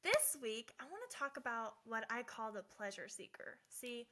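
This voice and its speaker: A middle-aged woman hosting a casual faith-based talk, chatty and animated, often tagging her lines with "right?". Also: on the high side, normal speed. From Southern Oregon. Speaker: host of a faith talk show.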